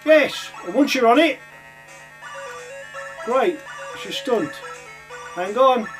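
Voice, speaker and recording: Chatty high-voiced man reviewing games. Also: animated, takes it slowly, a bit bright, soft background music. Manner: chatty, rambling, lots of ums and uhs. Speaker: retro game reviewer. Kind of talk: casual gameplay commentary.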